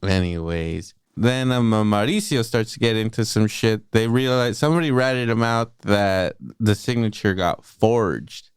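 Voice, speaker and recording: A man's voice: fairly low pitch, unhurried, hardly any pauses, clean tone, dry recording. A man co-hosting a movie podcast, swearing freely and laughing as he retells scenes and mimics characters. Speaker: podcast co-host. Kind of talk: casual movie review chat.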